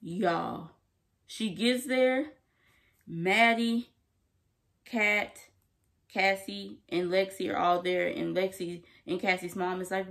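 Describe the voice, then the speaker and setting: A young woman casually recapping a TV episode to camera, animated and emphatic, full of slang and laughter. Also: mid-range voice, slow, vocal fry, long pauses. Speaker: TV episode reviewer.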